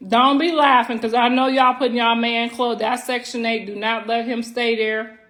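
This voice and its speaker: A middle-aged woman with a high voice hosts a livestream from home, brash, profane and teasing as she talks straight to her viewers. She stretches words out for emphasis, and dishes and cutlery clink faintly behind her. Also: level tone, moderate pace, fairly bright tone. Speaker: livestream host. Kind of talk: casual livestream chat. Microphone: phone livestream.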